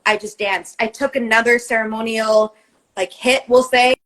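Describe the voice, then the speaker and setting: High-voiced woman, rambling and emphatic. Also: steady tone, moderate pace, a bit bright, rough recording. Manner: rambling and emphatic, swears often. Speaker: co-host. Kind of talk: casual podcast chat.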